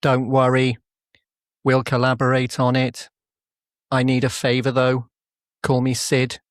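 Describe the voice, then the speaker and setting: A polite AI chatbot with a calm, matter-of-fact delivery, as a man puts it on in his everyday voice. His speech is dry and close, with little room sound around it. He stays even and helpful, the way a chatbot answers in a comedy sketch. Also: medium pitch, measured pace, no room sound, natural voice.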